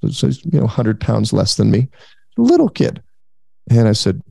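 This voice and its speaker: A man's voice: mid-range voice, moderate pace, creaky, husky, no echo, studio quality. A man in his thirties, a podcast guest, telling a story in casual talk and acting out the voices of the people in it. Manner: animated, acts out quoted voices.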